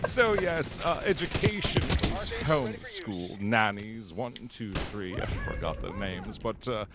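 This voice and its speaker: A man voicing a smug, arrogant gentleman with a put-on British accent and a pompous, condescending manner. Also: lowish voice, expressive, takes it slowly, a loud crowd. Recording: loud video game gunfire behind.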